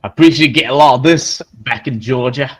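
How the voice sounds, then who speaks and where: A man's voice: medium pitch, a little fast, breathy edge, lightly acted. A man putting on a mocking frat boy drawl. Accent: put-on American Southern. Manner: mocking, exaggerated. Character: brash young white American frat boy. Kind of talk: podcast banter.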